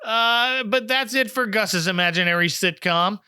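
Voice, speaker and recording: Bright, high-voiced male podcast host. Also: moderate pace, smooth, no echo, clean studio sound. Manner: chatty, laughs often, quotes the scenes. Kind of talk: casual episode recap.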